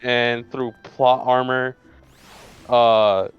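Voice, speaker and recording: A man's voice: mid-range voice, level tone, extremely slow, clear, resonant tone, muffled recording, faint music behind. A man playing along in a game stream, chatting in a teasing, sardonic way and laughing often. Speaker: co-player. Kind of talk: casual game chat.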